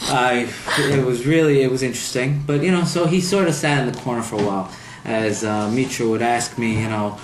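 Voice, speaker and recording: Speaking briskly in a mid-range voice, a young man about to be married jokes at his own expense while recounting tales of his future in-laws. The relaxed interview was filmed on a home video camera in an apartment room, with roomy sound and faint noise.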